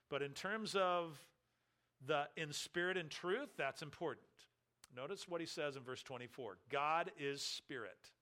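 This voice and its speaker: A man preaching a sermon as pastor, emphatic, slowing down to stress key phrases. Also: a little high, pushed and bright.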